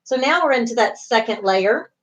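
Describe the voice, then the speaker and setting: A woman's voice: on the high side, expressive, normal speed, a bit bright, slight background noise, low-quality recording. A middle-aged woman instructing a class, going over material patiently, repeating key terms and reassuring her students, with frequent fillers. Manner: repetitive, reassuring teaching with fillers. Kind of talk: online class lecture.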